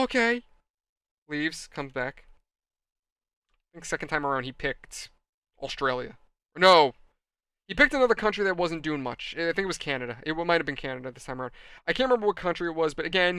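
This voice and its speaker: A man's voice: on the high side, fast talker, clean tone, dry recording, studio quality. A man hosting a hobby channel, telling a rambling, exasperated anecdote straight to his viewers. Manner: animated, exasperated storyteller, addresses viewers. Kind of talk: rambling anecdote while model building.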